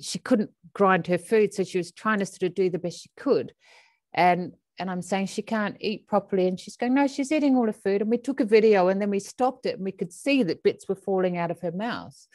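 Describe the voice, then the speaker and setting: A woman's voice: medium pitch, moderate pace, dry recording, studio quality. A woman from Australia, an animal communicator talking casually, telling stories animatedly and acting out voices. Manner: animated storyteller who acts out voices. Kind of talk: casual conversation.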